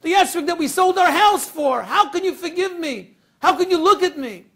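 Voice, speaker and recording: A man's voice: extremely high pitch, animated, moderate pace, fairly bright tone, pitched above the performer's own voice, exaggerated voice. A man voicing a distraught old grandmother. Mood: distraught pleading. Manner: tearful, self-reproaching pleading. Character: elderly grandmother, distraught and pleading.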